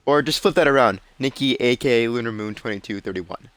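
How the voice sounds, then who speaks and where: A young man hosting a casual podcast while streaming a game, talking in a flat monotone and stumbling through ums and uhs. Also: medium pitch, brisk, dry recording. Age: young adult. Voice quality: self-described monotone. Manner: hesitant, full of ums and uhs. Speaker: podcast host.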